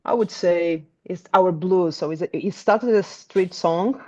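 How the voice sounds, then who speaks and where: A woman's voice: lowish voice, measured pace, a little mellow. Portuguese-accented woman explaining tours, muffled. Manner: hesitant, many restarts and fillers. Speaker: tour guide. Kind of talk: casual interview chat.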